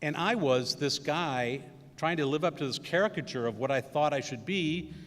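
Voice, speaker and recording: A man's voice: on the high side, moderate pace. Middle-aged man, commencement speaker, loose anecdotal delivery, long hall reverb. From Wisconsin. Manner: storytelling with many fillers and acted quotes. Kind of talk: anecdotal speech. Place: large hall.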